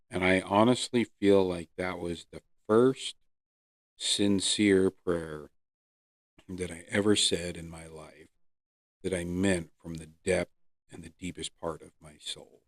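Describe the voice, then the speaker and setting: A man hosting his own podcast, earnestly telling his personal recovery story with pauses and fillers. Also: sits low, no room sound, studio quality. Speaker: podcast host. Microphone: close podcast mic.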